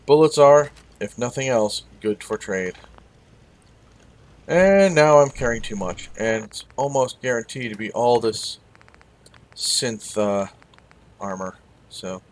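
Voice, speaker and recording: A man's voice: medium pitch, slow pace, long pauses. A man hosting a let's-play, chatting with wry asides and answering the game characters. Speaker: gaming video host. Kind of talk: casual let's-play commentary.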